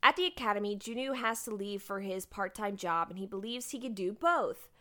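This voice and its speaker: A woman's voice: medium pitch, a little fast. Chatty woman recapping a drama. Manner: animated, laughs often, reads plot summaries aloud. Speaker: podcast co-host recapping a drama. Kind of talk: casual chat recapping episodes.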